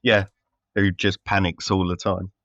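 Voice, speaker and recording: A man's voice: low voice, level tone, a little slow, a bit bright, no room sound, dull audio. A man co-hosting a casual film review chat, rambling with many fillers and restarts. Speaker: podcast co-host.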